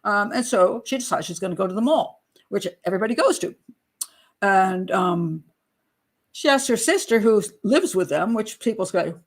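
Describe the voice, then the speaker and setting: A woman's voice: medium pitch, lively intonation, normal speed. Chatty older woman profiling a case. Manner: chatty, blunt, sarcastic asides. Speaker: criminal profiler. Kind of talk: true crime commentary.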